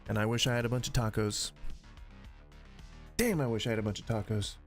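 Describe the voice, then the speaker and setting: A man's voice: on the low side, fairly quick, soft background music. A man streaming a shooter game, chatting casually and rambling in a jokey, self-interrupting way. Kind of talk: casual gameplay commentary.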